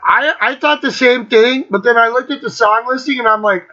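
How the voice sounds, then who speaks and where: A man in his fifties hosting a casual monologue, swearing constantly, excitable and breaking into bits of song. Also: very high-pitched, moderate pace, muffled recording. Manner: profane, excitable, breaks into singing. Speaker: host. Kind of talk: casual monologue ranking albums.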